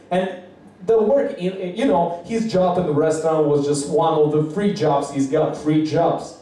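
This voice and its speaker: Man doing rambling open-mic stand-up, swearing a lot, slightly high voice, echoey room heard from far off. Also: fairly even intonation, moderate pace, mellow. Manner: rambling, profane, acts out quotes in high voices. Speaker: stand-up comedian. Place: small comedy bar.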